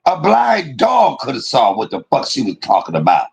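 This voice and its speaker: A man's voice: mid-range voice, huge pitch swings, normal speed, creaky, low-quality recording. A man from Detroit hosting a livestream, ranting in a casual, profane way and laughing often. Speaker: livestream host.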